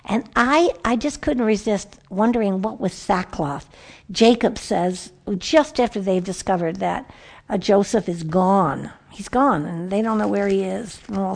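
A woman giving a conversational Bible teaching to a group of women, animated and storytelling, often restarting her sentences. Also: mid-range voice, creaky. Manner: lively, animated storytelling with frequent self-corrections.

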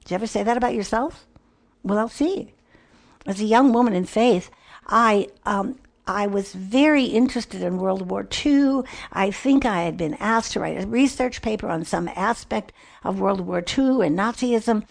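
A woman's voice: medium pitch, moderate pace, creaky. An older woman giving a devotional talk in an earnest, reflective way. She sometimes drops to a near whisper. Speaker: Christian speaker.

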